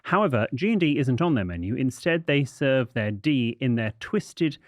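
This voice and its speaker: A man's voice: mid-range voice, big pitch swings, moderate pace, no room sound. A man co-hosting a podcast, reading listener messages with a wry, dry manner. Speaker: podcast co-host.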